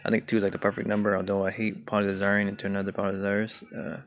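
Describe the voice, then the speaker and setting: A young man casually walking through his card game deck, talking in a relaxed way with many fillers and throat clears. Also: lowish voice, very fast. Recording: dull lo-fi home recording with faint hiss.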